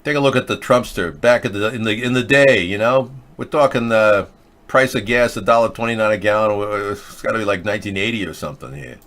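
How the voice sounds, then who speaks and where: A man's voice: lowish voice, brisk, a bit bright. A middle-aged man hosting a show, talking in a casual, rambling and sarcastic monologue that drifts between topics. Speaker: host.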